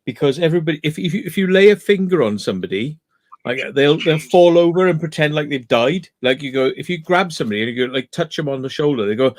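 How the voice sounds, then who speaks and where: Animated, sweary man. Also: on the high side, brisk. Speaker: guest on call. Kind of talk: casual chat.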